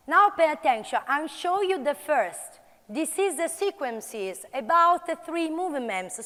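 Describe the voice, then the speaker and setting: Italian-accented woman presenter, high bright voice, energetic commands, measured speech. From Italy. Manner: energetic, calls out commands to the audience. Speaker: conference speaker. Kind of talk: live workshop demonstration. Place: large conference hall. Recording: reverberant conference hall.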